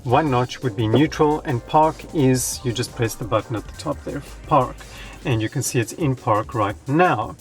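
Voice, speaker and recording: A man's voice: mid-range voice, normal speed, soft background music. A man giving a casual, conversational car review from inside a parked car. He speaks frankly and talks straight to his viewers.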